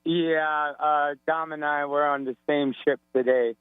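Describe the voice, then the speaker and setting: A man's voice: on the high side, steady tone, measured pace, clear, resonant tone, no echo. Hungover man calling in on a phone line. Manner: rambling, joking. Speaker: radio caller. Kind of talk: casual phone call to radio show. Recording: tinny phone line with hum.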